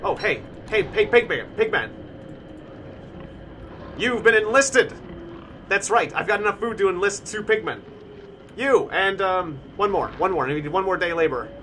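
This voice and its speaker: A male streamer with a slightly high voice narrates his survival game as he plays it. He thinks out loud and bursts into shouts when things go wrong. A steady noise sits clearly behind his voice. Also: normal speed, long pauses. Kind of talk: live-stream gameplay commentary.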